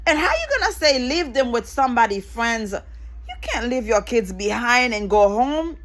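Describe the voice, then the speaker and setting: A woman's voice: sits high, a bit bright. A middle-aged woman vlogging an impassioned, angry political rant, repeating phrases for emphasis and swearing freely.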